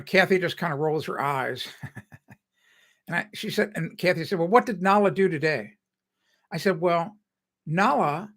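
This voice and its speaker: An older man talks casually through a home improvement live stream, drifting between stories and correcting himself as he goes. His voice is bright and forward, sitting a little high for a man, and he laughs often. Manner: rambling, chatty, laughs often, self-correcting. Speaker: home improvement show host.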